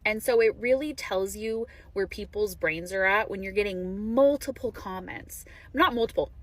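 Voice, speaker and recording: A woman's voice: mid-range voice, measured pace. A woman speaking straight to her viewers, emphatic and reassuring. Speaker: widow sharing her experience. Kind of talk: direct-to-camera talk.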